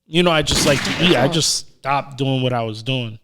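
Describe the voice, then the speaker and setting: A man co-hosting a casual podcast, talking in a relaxed way with lots of fillers and restarts. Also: medium pitch, moderate pace, background noise. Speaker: podcast co-host. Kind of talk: casual chat.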